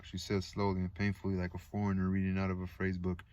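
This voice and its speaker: A man reading a novel aloud in a calm, steady way, with occasional casual asides. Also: deep voice, fast, few pauses, dull audio. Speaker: audiobook reader.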